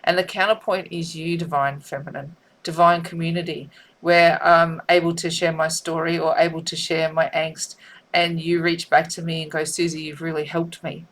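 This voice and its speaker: A woman, a tarot reader talking in a heartfelt, tearful way, often halting and repeating herself. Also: low-pitched, little pitch movement, fairly bright tone. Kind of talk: emotional spiritual vlog.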